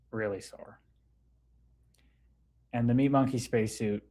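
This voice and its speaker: A man's voice: mid-range voice, normal speed, long pauses. A man hosting a livestream in a casual, laid-back way, talking about spirituality and greeting viewers by name as he reads their comments. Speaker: livestream host.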